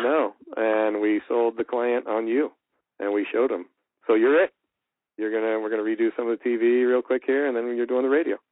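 Animated male voice actor on a tinny line. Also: lowish voice, no echo. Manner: animated, acts out quoted dialogue. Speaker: voice actor guest. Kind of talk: casual storytelling in an interview. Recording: tinny phone-like line, dry.

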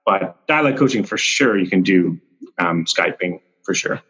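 A male actor, a podcast guest, chatting casually in a relaxed, rambling way with frequent restarts. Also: deep voice, normal speed, husky, highs cut off. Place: Vancouver.

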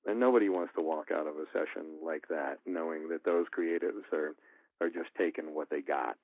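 A man's voice: extremely low pitch, moderate pace. A man who works as a voice actor and engineer, giving casual advice in a rambling storytelling way with many restarts. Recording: tinny phone-like dry sound.

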